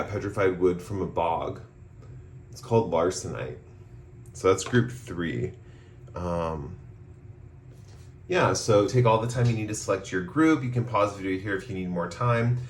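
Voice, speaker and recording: Low-voiced hoarse man reading tarot. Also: a little hiss or hum. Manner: relaxed, rambling, many ums. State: hoarse after a cough. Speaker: tarot reader. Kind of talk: casual pick-a-card tarot reading.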